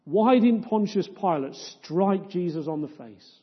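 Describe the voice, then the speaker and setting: A man preaching a sermon in a church, firing off rhetorical questions and swinging between loud, impassioned stretches and hushed ones. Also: sits high, lively intonation, unhurried, hardly any pauses, husky. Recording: dull lo-fi sound with long church reverb.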